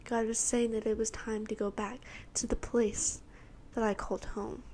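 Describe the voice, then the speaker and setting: Teenage girl telling a story, slightly high. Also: level tone, normal speed, mellow, a little hiss or hum. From Texas, USA. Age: teens. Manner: rambling storytelling, acting out her own and others' lines. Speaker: podcast host. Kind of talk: personal testimony.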